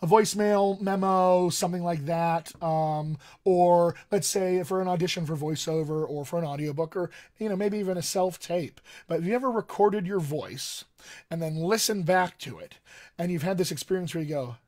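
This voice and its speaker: A man's voice: sits high, normal speed, a little mellow. A man, a dialect coach, giving a casual live-streamed voice lesson and talking straight to viewers with frequent ums. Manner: conversational, addresses viewers directly, frequent ums. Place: home studio desk.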